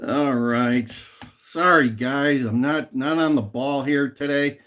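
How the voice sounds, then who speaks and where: A man's voice: mid-range voice, slow pace, a bit bright. A man hosting a casual livestream and chatting with viewers, rambling, laughing often and repeating a catchphrase. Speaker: livestream host. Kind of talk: casual chat with live viewers.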